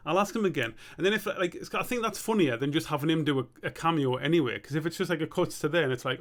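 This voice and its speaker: Gravelly, sweary man. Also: on the high side, quick pace. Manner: rambling, sweary, thinking aloud. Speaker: streamer and animator. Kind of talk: casual live-stream chat.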